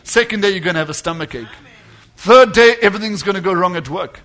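A man preaching a sermon to a congregation, emphatic, swinging between loud declarations and quiet asides. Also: high-pitched, fast talker.

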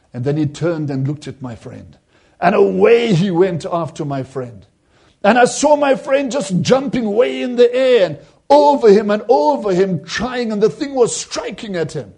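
Husky high-voiced man preaching. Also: expressive, normal speed, mellow. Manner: quotes voices in the story with rising emphasis. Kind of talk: sermon retelling a vision.

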